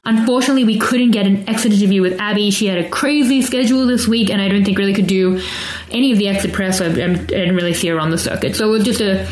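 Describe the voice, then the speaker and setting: A woman's voice: mid-range voice, fast, roomy sound, low-quality recording. A woman with a mixed Australian accent hosting a podcast, chatty and enthusiastic in casual conversation. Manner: enthusiastic, chatty, laughs often. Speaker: podcast host.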